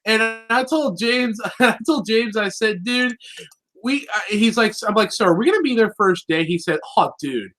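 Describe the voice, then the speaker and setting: A co-host with a bright, forceful tone and mid-range pitch talks in a loose, rambling way. The jokes come thick, and the words often stumble and restart mid-sentence. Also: expressive, moderate pace, soft background music. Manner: rambling, joking, trips over words and restarts. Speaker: co-host of a cartoon review show. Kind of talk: casual review chat.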